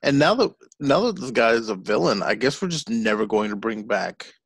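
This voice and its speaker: A man's voice: lowish voice, animated, brisk, breathy edge, no room sound. A man co-hosting a podcast, chatting casually about a movie with sarcastic, profane jokes. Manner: sarcastic, profane, joking asides. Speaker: podcast co-host. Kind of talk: casual chat reviewing a movie.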